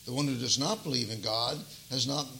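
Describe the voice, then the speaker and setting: An older man preaching a sermon as pastor, emphatic and folksy, swinging between loud stresses and soft asides. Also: mid-range voice, brisk, gravelly, slight background noise, poor audio. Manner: addresses listeners as beloved, folksy asides.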